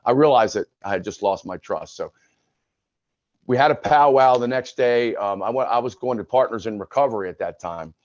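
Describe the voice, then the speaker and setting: A man in his sixties speaks frankly and conversationally as a podcast guest, retelling his past with plenty of restarts. His voice sits at an ordinary pitch. The recording is dry and a little dull and lo-fi. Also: normal speed, no echo. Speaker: podcast guest, retired sports broadcaster. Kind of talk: candid personal storytelling.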